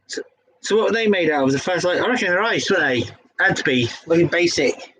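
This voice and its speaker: A man's voice: sits high, expressive, a little fast, a bit bright, slightly rough, low-quality recording. A young man with a Devon accent hosting a casual pub quiz, laughing and swearing as he stumbles over the questions. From England. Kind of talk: casual quiz-reading chat.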